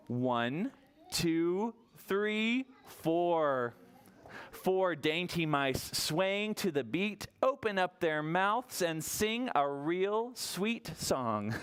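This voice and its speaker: A children's librarian reading a counting book to a group of toddlers. The voice swoops high and low with lots of life, and the pace is slow and unhurried. The reader coaxes the little ones along, sing-song and playful. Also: lively intonation, clear, resonant tone. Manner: sing-song, coaxing, asks the children questions; counts aloud slowly and playfully.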